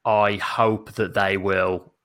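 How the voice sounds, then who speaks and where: A man's voice: on the low side, level tone, slow, fairly bright tone. A man co-hosting a podcast in casual chat, upbeat and laughing often. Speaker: podcast co-host.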